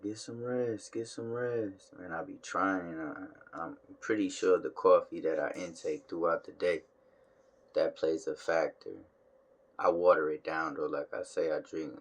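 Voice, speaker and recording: Man low gravelly laid-back vlogger. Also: fairly even intonation, normal speed. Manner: laid-back slangy talk, drawls and trails off. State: tired, yawning. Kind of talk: casual chat to camera. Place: home room. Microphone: phone camera.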